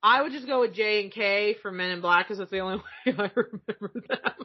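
A woman's voice: mid-range voice, fairly quick. A woman chatting casually about a cartoon episode, giggling often, swearing freely and acting out quotes. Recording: slightly dull lo-fi sound.

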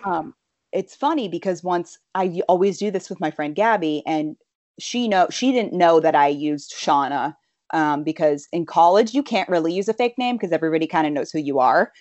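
A woman's voice: fairly low pitch, expressive, normal speed, darkish tone, no room sound. A young woman in her twenties telling rambling stories in a casual chat, full of fillers. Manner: rambling storyteller, many fillers. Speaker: guest.

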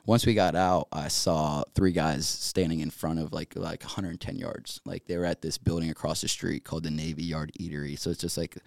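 A young man from North Carolina, a podcast guest, retelling events in a rapid, filler-heavy way with many restarts. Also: rumbling low, fairly even intonation, creaky, no echo, studio quality. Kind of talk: casual storytelling in an interview.

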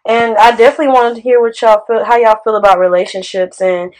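A woman's voice: on the high side, fast talker, rough recording. Sassy woman podcast host. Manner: animated, sassy and conversational. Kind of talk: casual podcast chat.

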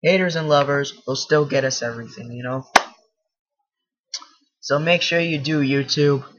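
A man hosting his own casual podcast, rambling and self-deprecating, talking loudly from across the room into his computer's mic. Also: medium pitch, normal speed, dull audio, background noise. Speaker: podcast host. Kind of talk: casual solo podcast monologue.

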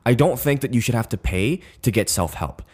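A man co-hosting a podcast in casual chat, animated and blunt, often swearing and mimicking people he talks about. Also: mid-range voice, brisk. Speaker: podcast co-host.

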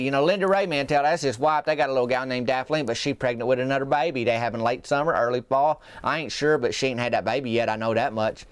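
A man's voice: mid-range voice, quick pace, hardly any pauses, smooth, dry recording. A man telling a folksy comic story in a rambling, drawling small-town gossip manner. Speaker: comedic podcast host.

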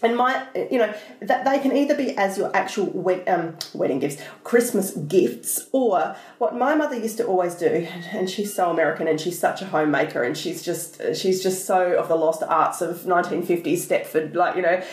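A woman's voice: fairly low pitch, normal speed, darkish tone. A woman co-hosting a podcast, chatting casually and telling rambling stories with plenty of fillers. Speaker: podcast co-host. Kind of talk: casual chat. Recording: roomy echo.

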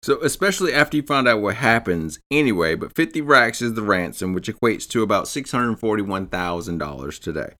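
A man's voice: lowish voice, animated, a little fast, few pauses, pushed and bright. A man hosting a podcast, telling a true-crime story in a casual, profane way. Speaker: podcast host.

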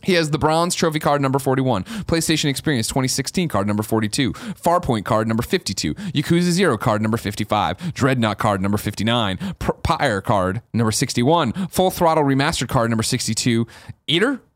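A man co-hosting a podcast in casual chat, animated and swearing freely. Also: medium pitch, brisk, no room sound. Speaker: podcast co-host.

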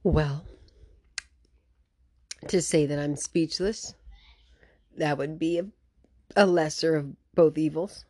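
Woman host, low voice, dry close sound, emphatic vlog talk with lots of restarts. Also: slow, pauses often, no echo. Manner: emphatic, animated, with many restarts. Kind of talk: casual commentary vlog.

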